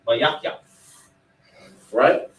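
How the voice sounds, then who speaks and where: A man's voice: very slow, fairly bright tone, a little hiss or hum. A man teaching a class, preaching emphatically and quizzing his students. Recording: echoey room, mic far off.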